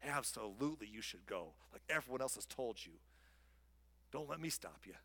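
A man's voice: a little high, expressive, normal speed, a bit bright. A man acting out a weary, exasperated male prophet who talks back to a king with sarcasm. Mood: sarcastic. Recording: long hall reverb.

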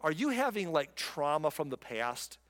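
A pastor preaching a sermon, reading scripture and adding conversational, joking asides. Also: male voice, fairly high pitch, very animated, moderate pace, fairly bright tone, big-room sound.

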